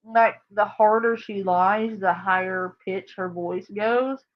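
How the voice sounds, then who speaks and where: A woman's voice: medium pitch, fairly even intonation, takes it slowly, lo-fi sound. A woman hosting a reaction video, commenting casually with sarcasm. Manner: sarcastic, laughing.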